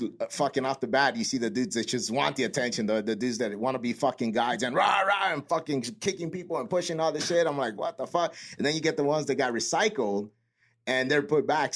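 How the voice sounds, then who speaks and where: A man's voice: medium pitch, fast talker. A man and Marine veteran telling a boot camp story in casual, profane podcast chat, acting out the quotes.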